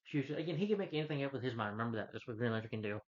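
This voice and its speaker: A film reviewer casually retells a movie's plot, rambling and restarting often. His medium-pitched voice is animated and racing, captured on a dull lo-fi recording.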